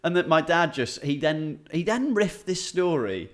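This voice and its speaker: A man's voice: on the high side, sing-song, unhurried, crowd noise. Rambling British man telling stories. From England. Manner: rambling, self-interrupting storyteller. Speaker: comedian and podcast co-host. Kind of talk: casual chat.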